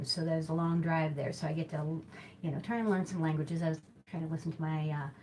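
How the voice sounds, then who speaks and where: A woman with a Midwestern accent hosts a live stream with a slightly low voice. She talks in a loose, rambling way and keeps correcting herself mid-sentence. A faint background hiss sits under her voice. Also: a little mellow. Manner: chatty, rambling, self-correcting. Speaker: host of a live hula hooping show. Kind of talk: casual live-stream chat.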